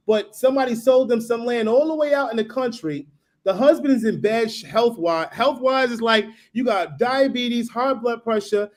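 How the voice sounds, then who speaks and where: A man on a live stream talking casually and rambling, often asking "you know what I mean?". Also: extremely high pitch. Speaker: guest building in the Caribbean.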